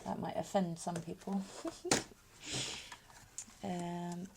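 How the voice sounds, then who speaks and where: A woman hosting a craft tutorial, hesitant with many ums, dropping to soft murmurs as she works with her hands. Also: on the low side, flat delivery, takes it slowly, creaky, heavy background noise. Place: home craft space.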